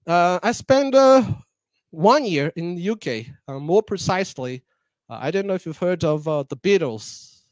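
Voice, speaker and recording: A man's voice: high voice, animated, moderate pace, no echo. A young man from Madagascar giving a public talk, hesitant, with many fillers and restarts. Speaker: guest speaker.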